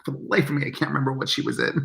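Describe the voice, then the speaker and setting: A man telling stories as an interview guest, animated and acting out the lines he quotes in lively chat. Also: mid-range voice, very fast, vocal fry, echoey room, low-quality recording. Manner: animated, acts out quoted dialogue. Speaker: guest, event marketing executive. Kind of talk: casual storytelling in an interview.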